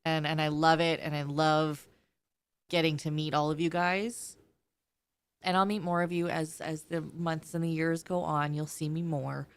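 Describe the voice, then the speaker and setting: A woman's voice: low-pitched, little pitch movement, moderate pace, smooth. A woman, the streamer's partner, chatting casually and earnestly with viewers. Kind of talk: casual livestream chat.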